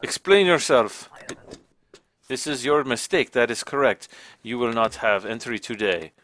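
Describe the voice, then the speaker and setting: A man's voice: mid-range voice, moderate pace, fairly bright tone. A man streaming a game live, talking to the on-screen travelers in a stiff, formal border-inspector manner. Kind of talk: live gameplay commentary.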